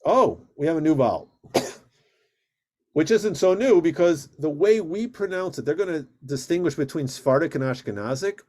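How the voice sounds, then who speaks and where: A rabbi teaching a Hebrew reading class on a video call, patient and steady, drawing out vowel sounds in drills. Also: male voice, a little high, normal speed.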